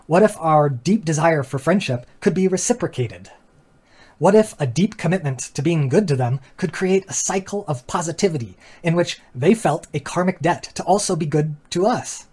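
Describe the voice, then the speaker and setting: A man's voice: on the high side, lively intonation, normal speed, a little mellow, husky. A man hosting a philosophy channel, giving an earnest, reflective explanatory talk that builds rhetorical questions and walks through diagrams with casual asides. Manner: casual asides with fillers and small laughs.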